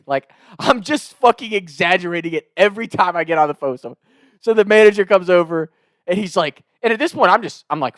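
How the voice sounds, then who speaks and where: A man's voice: sits high, lively intonation, a little fast, no room sound. A man telling a comedic story in a casual, rambling, profane way.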